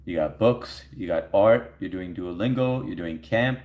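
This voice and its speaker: A man's voice: deep voice, measured pace, darkish tone. A man hosting a livestream, chatting casually with viewers, laughing often and reading their comments aloud. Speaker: livestream host answering chat. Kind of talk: casual chat. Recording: echoey room.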